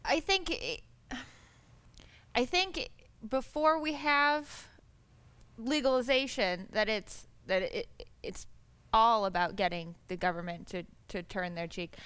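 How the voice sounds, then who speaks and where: A woman panelist answering a question, thinking aloud with pauses and fillers. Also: a little high, a bit bright, clean tone, no room sound. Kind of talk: panel discussion.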